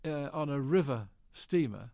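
A man's voice: mid-range voice, animated, a little slow, warm tone, dry recording, studio quality. An older British man, an actor, genially telling anecdotes in an interview and acting out quoted lines. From Britain. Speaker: actor guest.

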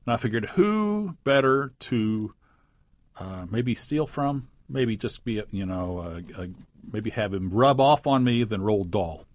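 Relaxed halting man. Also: lowish voice, no echo. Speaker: contributor. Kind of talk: casual storytelling.

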